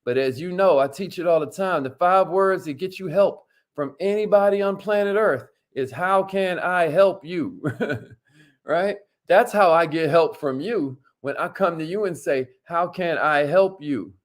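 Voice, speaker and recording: A man's voice: sits high, normal speed. A man hosting a motivational talk, speaking casually, calling his viewers y'all and leading them through affirmations. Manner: casual, repeats words, addresses viewers as y'all; leads call-and-response affirmations. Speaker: host.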